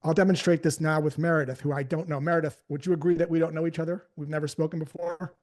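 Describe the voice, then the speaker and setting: A man's voice: a little high, fairly even intonation, fast talker, a little mellow. A man giving a live sales training talk, casually telling stories and acting out the conversations in them.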